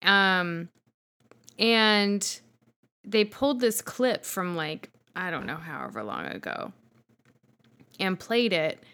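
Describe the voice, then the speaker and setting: Slow-talking woman podcaster, frank and rambling. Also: mid-range voice, sing-song, fairly bright tone. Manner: rambling, frank, swears casually. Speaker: podcast co-host. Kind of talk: casual chat over wine.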